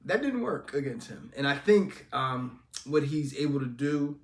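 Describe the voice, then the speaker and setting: Man, podcast co-host, casual football chat, rambling, quick laughs, echoey room. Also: mid-range voice, very animated. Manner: laughs often, rambling and emphatic.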